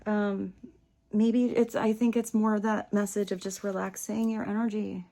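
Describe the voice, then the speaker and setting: A woman giving a casual tarot reading, gentle and chatty, dropping to soft near-whispers on spiritual lines and laughing often. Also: medium pitch, gravelly. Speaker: tarot reader. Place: home room with small table.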